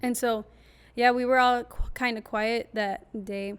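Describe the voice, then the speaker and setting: A young woman with a fairly high voice hosts a casual podcast. She tells her memories in a chatty, flowing way, now and then slipping into the voices of the people she quotes. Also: fairly even intonation, a little slow, clean tone. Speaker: podcast host.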